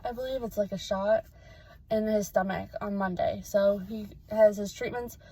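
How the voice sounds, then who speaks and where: A woman's voice: mid-range voice, fairly even intonation, moderate pace, mellow, breathy edge, rough recording. A young adult woman giving a casual vlog update, rambling and emotional with many fillers. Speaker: vlogger.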